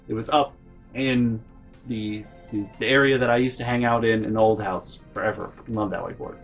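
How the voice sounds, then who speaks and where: A man's voice: medium pitch, husky. A man telling a personal story casually on his vlog, swearing often and rambling with restarts. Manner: profane, animated, rambling with restarts. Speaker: vlogger.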